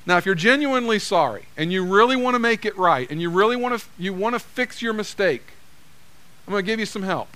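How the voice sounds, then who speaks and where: A pastor delivers a sermon in a conversational, direct style, acting out the lines people say to one another. His voice sits high and sounds pushed and bright, with an animated, brisk delivery.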